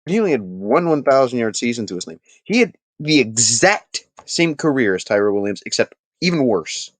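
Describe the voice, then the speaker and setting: A man hosting a casual live sports talk stream, chatting with his viewers and making animated, emphatic points. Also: mid-range voice, normal speed, no room sound.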